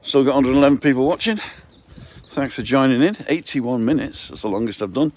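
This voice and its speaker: On a chatty, joking live-stream, a man with a cold walks outdoors through a residential complex, talking into the phone he holds. His mid-range voice has a darkish tone, and he talks briskly.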